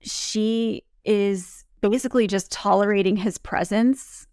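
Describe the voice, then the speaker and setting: A woman co-hosting a casual TV recap, chatting and quoting scenes in lively bursts. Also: mid-range voice, slow pace, clear, resonant tone, no room sound, studio quality. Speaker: recap co-host.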